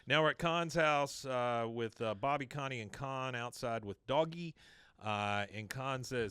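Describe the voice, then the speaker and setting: A man's voice: medium pitch, a little slow, clear, resonant tone, no room sound, clean studio sound. A man hosting a podcast, casually recapping a cartoon episode and acting out the characters' lines. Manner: animated retelling, quoting lines in varied voices. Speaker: podcast host.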